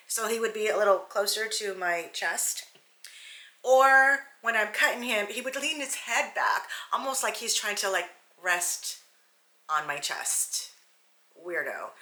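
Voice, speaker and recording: Woman hairstylist, chatty and candid, bright voice, roomy sound. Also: mid-range voice. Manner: candid, animated, digressive. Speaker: hairstylist and salon owner. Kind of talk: casual storytelling vlog. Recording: roomy echo.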